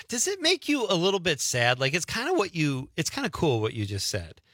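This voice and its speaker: Lively, bright-voiced male host. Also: fairly high pitch, normal speed, no echo, studio quality. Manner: chatty, laughs easily. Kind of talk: casual interview chat.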